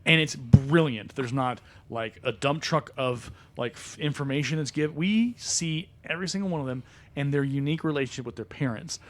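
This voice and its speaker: A man hosting a podcast, recapping films in a chatty, animated way with frequent ums in a studio. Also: medium pitch, brisk, a little hiss or hum. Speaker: podcast host. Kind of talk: casual chat about movies.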